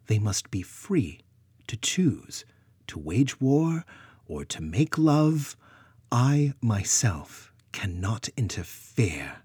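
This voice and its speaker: Stern regal goddess queen, a guy putting her on, husky and dry, kinda slow. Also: fairly low pitch, big pitch swings, darkish tone, dry recording, full character voice. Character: proud commanding goddess queen, woman.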